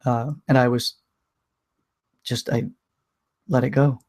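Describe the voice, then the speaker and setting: A man candidly recounting a painful personal story in a vlog, emotional, with many restarts and pauses. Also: medium pitch, level tone, a little mellow. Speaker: vlogger.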